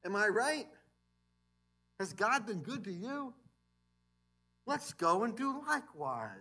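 Male pastor, sermon, church sanctuary; high, sharp, very animated delivery. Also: slow pace. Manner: animated, swinging between loud emphasis and quiet asides.

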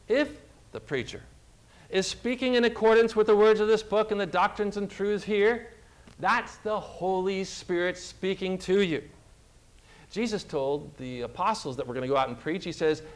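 A man preaches with a fairly high voice. He speaks emphatically, asks his listeners pointed questions and reads scripture passages aloud. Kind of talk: sermon.

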